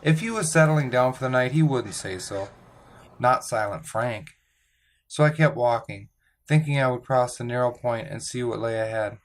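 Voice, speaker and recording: Regular guy reading a kids novel chapter, mid voice, steady and calm, just telling the story. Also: medium pitch, moderate pace. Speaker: audiobook reader. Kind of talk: scripted narration of a children's novel.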